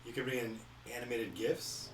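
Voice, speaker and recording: A man co-hosting a casual tutorial, adding quick explanatory asides. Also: medium pitch, steady tone, distant mic, slight background noise. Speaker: co-host adding tips. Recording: echoey room mic, off-axis.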